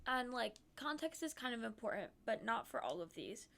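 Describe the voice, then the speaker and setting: Bright-voiced young woman streamer chatting. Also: on the high side, big pitch swings, normal speed, creaky, slight background noise. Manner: giggly, chatty storytelling. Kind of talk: casual chat.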